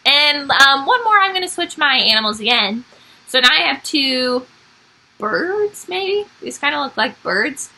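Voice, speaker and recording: A woman's voice: high-pitched, very animated, measured pace, bright, forceful tone, rough recording. A woman music teacher giving a recorded online lesson to young children, upbeat and explaining step by step.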